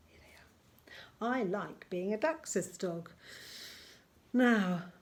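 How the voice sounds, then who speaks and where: A woman teaching a recorded lesson to young children, gentle and encouraging, slowing down to spell out words as she writes them. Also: on the low side. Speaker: primary school teacher.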